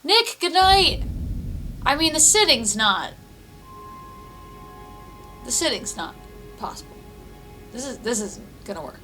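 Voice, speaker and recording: A woman with a high, bright voice chats unhurriedly while streaming a game from her apartment. She giggles a lot, swears freely and thinks out loud, with faint music playing behind her. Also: big pitch swings, takes it slowly, long pauses, low-quality recording. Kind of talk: casual live-stream chat while playing. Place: apartment room.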